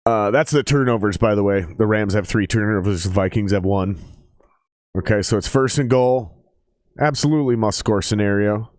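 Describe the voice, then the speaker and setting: Host for a football watch-along stream: casual male voice, low register, cursing freely, bursts of play-by-play excitement, dry close sound. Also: moderate pace, no room sound. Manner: profane, loose and excitable, jumps to loud play-by-play. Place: table at home.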